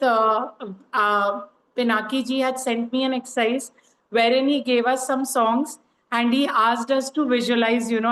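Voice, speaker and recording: A woman's voice: a little high, roomy sound, low-quality recording. A woman sharing her experience on a coaching call, talking casually with many "you know" fillers. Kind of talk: casual online group call.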